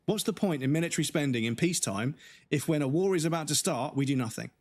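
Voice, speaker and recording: A man in his forties, a livestream gamer ranting casually with anger and frequent swearing, his voice going hoarse. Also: fairly high pitch, expressive, a little mellow. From United Kingdom. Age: 40s. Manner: angry, swearing, halting restarts.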